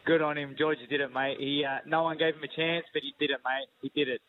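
A man's voice: on the high side, little pitch movement, fast. An Australian man calling in to a radio show, elated and repeating himself. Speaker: radio caller, boxing pundit. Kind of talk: phone-in chat. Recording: tinny phone line.

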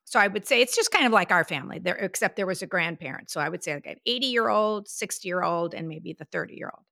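A woman's voice: on the low side, fast, vocal fry, no room sound, studio quality. A woman in her fifties co-hosting a podcast, chatting and telling stories, acting out what people said. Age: 50s. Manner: chatty storyteller, quotes herself in lively voices. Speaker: podcast co-host. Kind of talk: casual chat.

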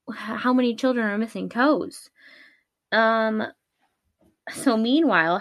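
A woman's voice: medium pitch, no room sound. A woman retelling a spooky comedic legend in a casual way, with wry asides and many fillers. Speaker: podcast storyteller.

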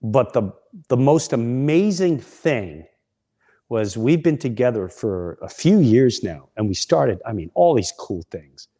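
A man's voice: medium pitch, big pitch swings, measured pace, warm tone, husky. A middle-aged man, a comedian hosting a podcast, telling a story in a casual, rambling way with frequent restarts.

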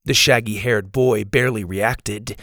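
A man reading a children's adventure audiobook as narrator, in an expressive, animated manner. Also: lowish voice, measured pace, no echo, clean studio sound. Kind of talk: scripted storybook narration.

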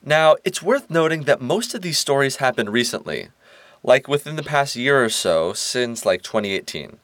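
Male host-narrator, mid pitch, playful and emphatic, dry close sound. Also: animated, moderate pace, fairly bright tone, no echo. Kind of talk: scripted narration.

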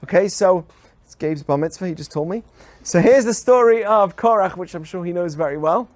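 On a podcast, a rabbi with a notably high voice teaches the weekly Torah portion. His delivery is animated and brisk, and he keeps throwing rhetorical questions at his listeners.

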